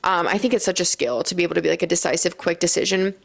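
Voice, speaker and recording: A woman's voice: on the low side, rapid-fire, gravelly. A young woman vlogger talking earnestly to her viewers in a casual, reflective way, full of "like" fillers. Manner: chatty, earnest, frequent "like" fillers. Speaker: lifestyle vlogger. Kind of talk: casual reflective talk to camera.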